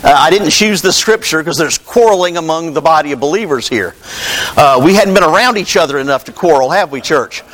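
A man's voice: on the high side, animated, fairly quick, fairly bright tone, poor audio. A man preaching a sermon in a conversational, storytelling way, calling out to his congregation. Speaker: pastor.

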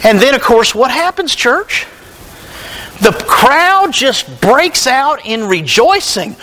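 A man preaching a sermon, animated and conversational, joking with his congregation. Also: extremely high pitch, slow, rough recording. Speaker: pastor.

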